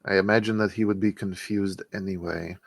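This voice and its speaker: A man narrating as game master of a tabletop game in a relaxed, loose way. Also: deep voice, fairly quick, vocal fry, dry recording.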